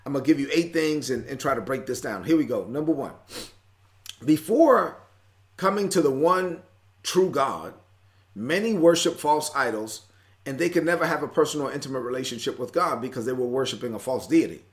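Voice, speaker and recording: A man's voice: medium pitch, animated, moderate pace. A man preaching a sermon in a conversational way, working through a Bible passage and voicing the apostle's frustration with growing intensity. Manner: conversational, acts out Paul's frustration, rising intensity. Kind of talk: sermon teaching from scripture.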